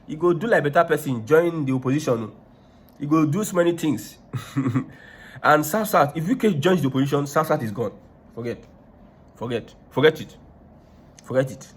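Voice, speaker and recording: Nigerian male political commentator, husky and a bit high, emphatic, hammers points home. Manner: emphatic, repeats points for stress.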